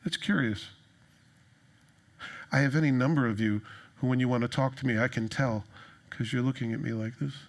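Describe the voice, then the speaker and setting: A male pastor preaching in a conversational, joking manner with animated storytelling. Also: mid-range voice, moderate pace, long pauses. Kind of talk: sermon.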